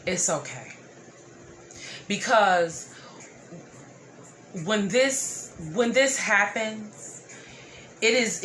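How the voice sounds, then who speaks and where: A woman giving a collective tarot reading, sometimes slow and soothing, sometimes playful with slang. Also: lowish voice, a little hiss or hum. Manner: earnest, slow and soothing, with repeated phrases; playful slang and loud laughing. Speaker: tarot reader.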